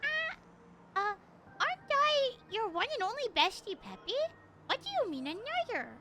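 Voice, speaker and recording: A woman voicing a cheerful, pleading young companion in a video game, sweet and animated. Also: very high-pitched, unhurried, noisy background, heavily acted. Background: game music.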